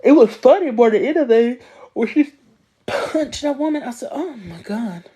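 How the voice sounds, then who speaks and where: A woman hosting a casual livestream, chatting with viewers and reading their comments in an animated, emphatic way, laughing often. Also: high-pitched, moderate pace, breathy edge. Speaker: livestream host.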